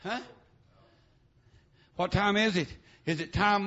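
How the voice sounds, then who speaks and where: A middle-aged man preaching a revival sermon in church, dropping "uh, amen" between his phrases in a shouting preaching cadence. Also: high voice, slow, lo-fi sound.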